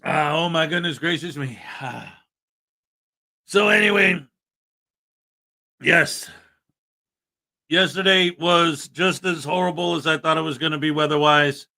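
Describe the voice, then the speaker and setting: A man's voice: on the high side, unhurried, gravelly, long pauses, sharp tone. A man hosting a morning livestream, greeting viewers by name in a chatty, upbeat way. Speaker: livestream host. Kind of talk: casual livestream chat.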